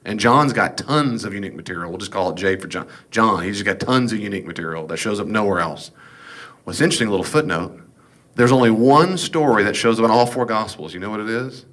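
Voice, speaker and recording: A man's voice: on the low side, expressive, quick pace, fairly bright tone. A man giving a casual, folksy Bible class lecture, with jokes and asides. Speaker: Bible teacher.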